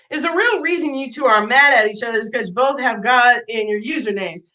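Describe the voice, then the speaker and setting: A woman's voice: on the high side, lively intonation, normal speed, bright, forceful tone, rough recording. A woman live streamer in a profane, mocking rant, reacting to clips and messages. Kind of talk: ranting commentary.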